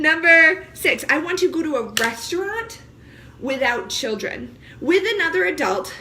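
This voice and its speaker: A woman in her thirties, a mother of young kids, talking casually to camera in an animated, joking way with frequent laughter. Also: sits high, moderate pace, a little hiss or hum. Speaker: vlogger.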